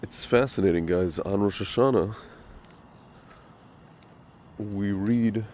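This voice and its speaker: A man's voice: on the low side, slow, a little mellow, slight background noise. A man hosting a casual commentary monologue who talks straight to his viewers in a rambling, opinionated way, his voice slightly nasal from a recent cold. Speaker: religious commentary host.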